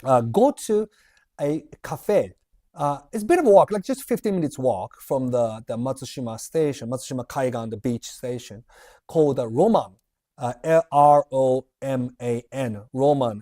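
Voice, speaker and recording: A man hosts a relaxed livestream Q&A, speaking at normal speed in a warm, mid-range voice with lively intonation. He chats and rambles, laughing as he reads viewers' questions out loud.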